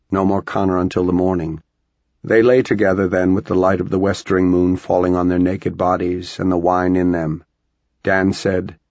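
Low, gravelly male audiobook narrator. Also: a little mellow, dry recording. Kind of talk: scripted narration. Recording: dull lo-fi dry recording.

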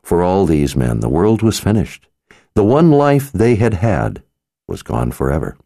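A man narrating an audiobook in a measured, dramatic reading voice. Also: low-pitched, sing-song, gravelly, dark tone, no room sound. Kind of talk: scripted narration.

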